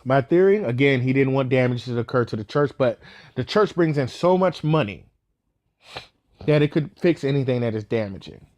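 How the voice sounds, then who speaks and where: Young male podcast host, mid-pitched, blunt and sarcastic, close and dry on the mic. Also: darkish tone, dry recording. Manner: blunt and sarcastic, with frequent fillers and restarts. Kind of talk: opinionated solo podcast commentary.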